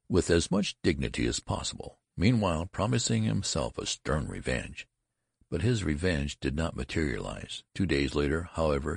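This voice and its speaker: Very deep gravelly male narrator. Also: dry recording, studio quality. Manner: deep, gravelly, expressive reading. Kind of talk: audiobook narration.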